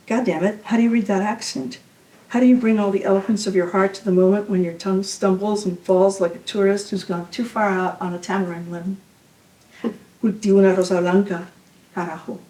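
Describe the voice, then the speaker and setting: Woman, poet, poetry reading, measured and intimate, mellow tone, heard from afar. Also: mid-range voice, roomy sound, distant mic, rough recording. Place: university reading venue.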